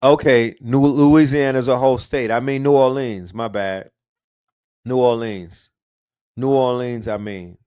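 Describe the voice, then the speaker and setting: A man's voice: mid-range voice, fairly even intonation, measured pace, clean tone, no echo. Slangy male livestream host, dry sound. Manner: slangy, shouting out viewers' cities. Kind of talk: casual livestream chat.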